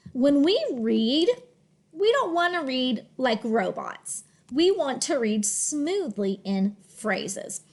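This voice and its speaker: A woman teaching a children's phonics lesson, slowly and deliberately sounding out words. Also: sits high.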